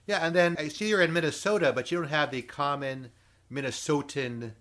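A man's voice: a little high, brisk, fairly bright tone. A man in his fifties hosting an interview, asking questions in a wry, joking way. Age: 50s. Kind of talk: casual interview.

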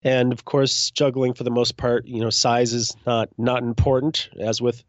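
A man in his forties from Minnesota, a juggler telling his story as a guest in a relaxed, self-deprecating way. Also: medium pitch, normal speed, no echo, dull audio. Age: 40s. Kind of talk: casual interview.

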